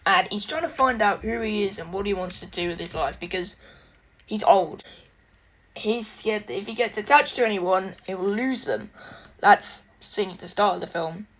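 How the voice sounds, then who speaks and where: Young woman chatting thru a movie review, rambly, lots of ums and restarts. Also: medium pitch. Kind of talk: casual spoken review.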